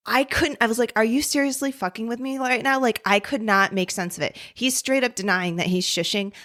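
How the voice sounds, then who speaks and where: A woman's voice: medium pitch, fairly bright tone. Blunt, swearing woman podcast co-host. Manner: blunt, swears casually, quick bursts of exasperation. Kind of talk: casual chat.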